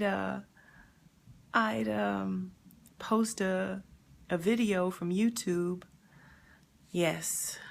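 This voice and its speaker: Gravelly-voiced grieving woman on a live stream. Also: lowish voice, fairly bright tone. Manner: emotional, halting, reads viewer comments aloud. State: sad, near tears.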